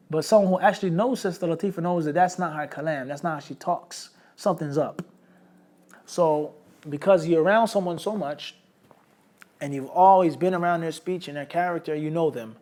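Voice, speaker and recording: A man teaching a hadith studies lesson in English, his voice sitting a little high for a man. He explains with everyday examples, peppers his talk with Arabic terms and keeps checking in with his students. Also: brisk, a little mellow. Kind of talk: Islamic studies lecture.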